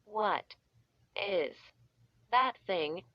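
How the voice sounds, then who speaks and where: A woman voicing a frantic mother who panics and scolds, in a slow storybook reading with dull, slightly muffled audio. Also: mid-range voice, animated, dry recording. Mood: panicked. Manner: alarmed, scolding.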